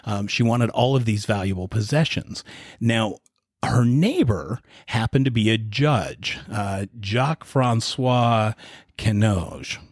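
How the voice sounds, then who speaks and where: A man co-hosting a podcast, casually retelling a dark historical story in a relaxed, conversational way. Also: on the low side, takes it slowly, dry recording, clean studio sound. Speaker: podcast co-host.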